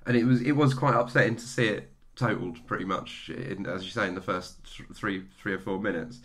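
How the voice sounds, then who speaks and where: A man's voice: on the low side, a little fast, a bit bright, slight background noise. A man co-hosting a podcast, chatting enthusiastically about a film with many restarts. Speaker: podcast co-host. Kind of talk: casual film-review chat.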